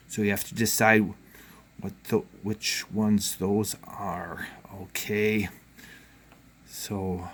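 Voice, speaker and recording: A man's voice: fairly low pitch, a bit bright, slight background noise. Encouraging male teacher, casual lesson. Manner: casual, encouraging, thinks aloud. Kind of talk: home learning video lesson.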